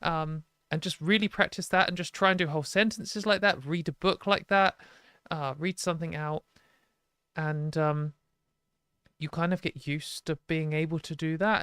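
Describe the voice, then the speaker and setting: A woman's voice: low voice, steady tone, measured pace, fairly bright tone, clear, resonant tone, no echo. A British woman hosting a live stream, giving rambling, self-deprecating advice in a casual, chatty way full of fillers. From Britain.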